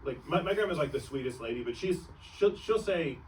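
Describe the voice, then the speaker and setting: A man's voice: a little high, expressive, fairly quick, far from the mic, slight background noise, poor audio. A young man doing a stand-up comedy set, rambling and breaking off mid-sentence, laughing at his own jokes on a club stage.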